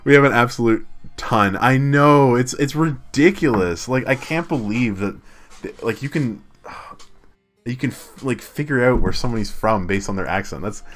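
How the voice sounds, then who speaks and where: A man's voice: mid-range voice, normal speed, soft background music. A man chatting casually on a game live stream, laughing and self-deprecating, with lots of fillers.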